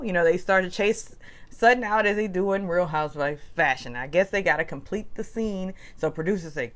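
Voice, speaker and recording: A woman's voice: lowish voice, brisk. A woman hosting a casual reality TV recap with a chatty, gossipy manner. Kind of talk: casual commentary.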